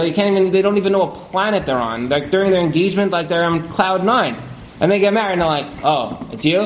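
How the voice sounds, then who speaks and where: A man speaking as a marriage counselor in a casual interview, animated, with many fillers, and acting out the couples he quotes. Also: high voice, roomy sound, a little hiss or hum, low-quality recording.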